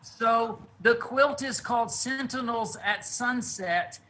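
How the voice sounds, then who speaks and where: A man's voice: very high voice, pushed and bright, rough recording. Earnest man telling stories over a video call. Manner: earnest, unhurried storyteller. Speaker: guest quilt artist. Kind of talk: casual storytelling interview. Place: his quilting studio.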